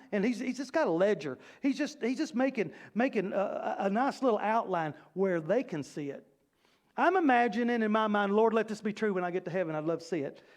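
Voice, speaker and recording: A male pastor preaching a sermon in a church, animated and conversational with playful asides. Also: high voice. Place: church sanctuary.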